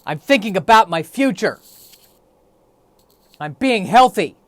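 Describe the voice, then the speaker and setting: A man's voice: sits high, lively intonation, measured pace, fairly bright tone, no room sound. A man hosting a solo podcast, rambling in a wry, self-deprecating way. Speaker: podcast host. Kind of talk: solo comedic podcast monologue.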